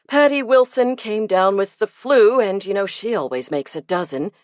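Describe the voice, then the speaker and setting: A woman narrator voicing a busy, welcoming woman running a pie sale, bright in tone. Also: medium pitch, expressive, moderate pace, dry recording, pitched above the performer's own voice, natural voice. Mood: friendly.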